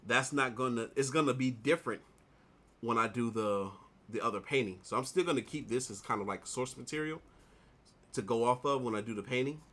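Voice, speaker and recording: A man in his thirties, an artist vlogger, casually telling a personal story in a rambling, animated way while he works on a drawing. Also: mid-range voice, fairly quick. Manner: rambling, animated retelling with repeated "like".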